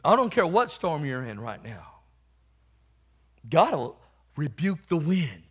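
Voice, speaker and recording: A man preaching, telling his own testimony and rising from quiet storytelling to loud calls to the congregation. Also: a little high, very animated, takes it slowly, long pauses, slightly rough. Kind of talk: testimony sermon.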